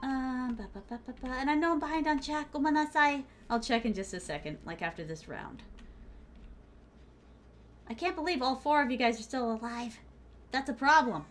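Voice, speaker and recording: Her voice is high and her speed normal, with a little background noise in the clip. She's a young Southern woman from the US, live-commenting on a game stream with a teasing, playful manner and pet names for her viewers.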